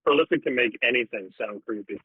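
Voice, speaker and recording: A man teasing his friends with quick quips in a casual group voice chat. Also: medium pitch, husky, no room sound. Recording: phone-like voice chat audio.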